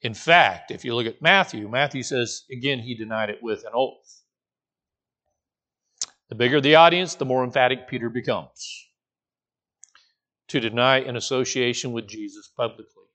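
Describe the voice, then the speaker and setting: A man preaching a sermon. He is animated, jumps into the voices of the people in the story and often restarts his sentences. His pitch is middling. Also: moderate pace, pauses often. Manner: animated, acts out the quoted voices, frequent restarts. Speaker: pastor.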